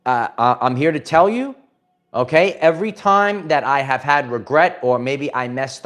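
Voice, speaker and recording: An upbeat man hosts a casual livestream pep talk at an ordinary middle pitch. He rambles and motivates, calling out to viewers by name. Faint music plays under his voice. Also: moderate pace, fairly bright tone. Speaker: host.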